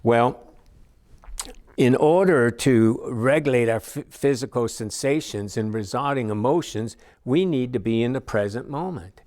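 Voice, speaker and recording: A man's voice: mid-range voice, measured pace, a little mellow. A middle-aged man teaching a recovery class in a conversational, folksy way, with frequent asides and fillers. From Chicago area. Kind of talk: recorded class lecture.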